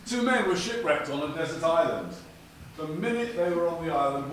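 A man preaching a sermon with jokes, delivered in a lively, dramatic way in a church. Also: fairly quick, crowd noise. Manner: lively, dramatic delivery with big pitch swings. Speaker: guest preacher. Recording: echoey church from far off with noise.

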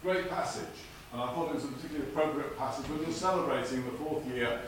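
A man preaching a sermon with jokes, delivered in a lively, dramatic way in a church. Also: fast. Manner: lively, dramatic delivery with big pitch swings. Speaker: guest preacher. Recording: echoey church from far off with noise.

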